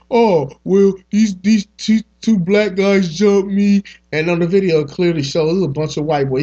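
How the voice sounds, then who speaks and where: A man's voice: a little high, a little mellow, slightly rough. Angry profane man ranting on a podcast. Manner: heated, profane, repeats himself in bursts. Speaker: podcast host. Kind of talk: angry solo podcast rant. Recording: dull lo-fi podcast audio.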